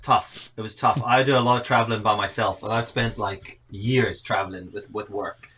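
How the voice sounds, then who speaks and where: A man in his thirties from South Africa, with an accent that blends in Northern Irish, is chatting casually as a podcast guest on a remote call, telling meandering stories that poke fun at himself. His voice is lowish and a bit bright, with fairly even intonation at normal speed, and there is slight background noise.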